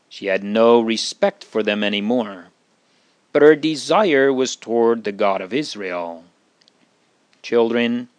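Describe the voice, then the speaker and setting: A man reading a Bible story aloud to children in a slow, earnest, solemn manner. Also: mid-range voice, clean tone, dry recording.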